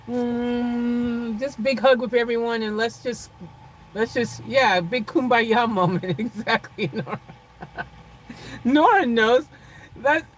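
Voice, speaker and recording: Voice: medium pitch, slight background noise, rough recording. Chuckling livestream host in a vehicle. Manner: chuckles often, playfully dramatic, jumps between loud teasing and soft sincere talk. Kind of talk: casual livestream chat with viewers.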